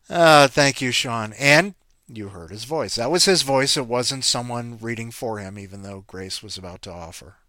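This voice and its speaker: A man's voice: mid-range voice, bright, forceful tone, no room sound. A man hosting a story show, rambling and joking between readings. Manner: self-mocking, jokey asides. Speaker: podcast host introducing stories. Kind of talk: rambling casual chat.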